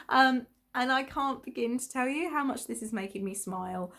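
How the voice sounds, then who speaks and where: A woman's voice: high-pitched, normal speed, a bit bright. A woman from England, hosting a podcast in a rambling casual chat full of ums and small laughs. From England (Essex). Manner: chatty, rambling with many ums and little laughs. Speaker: podcast host.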